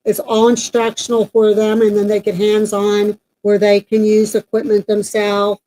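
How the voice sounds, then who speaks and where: A woman talks in a loose, rambling way, full of ums and restarts. Her voice is mellow and dark, set at an ordinary pitch for a woman. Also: completely flat delivery, moderate pace, a little hiss or hum, poor audio. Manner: chatty, rambling with many fillers. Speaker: paranormal team member and co-host. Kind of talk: casual announcement chat.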